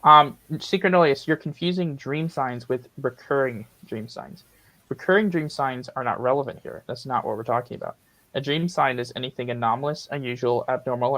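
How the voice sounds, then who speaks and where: A man's voice: mid-range voice, gravelly, a bit bright, no room sound, low-quality recording. A young man hosting a live Q&A stream, answering chat questions in a blunt, direct way. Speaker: host of a lucid dreaming Q&A stream. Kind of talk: casual livestream chat.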